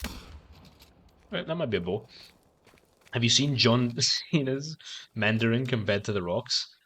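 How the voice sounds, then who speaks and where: A man's voice: mid-range voice, animated, a little slow, a bit bright, slightly rough. A man streaming a game and chatting casually, rambling with stammered restarts and frequent swearing. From outside the United States. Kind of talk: casual chat while gaming on stream.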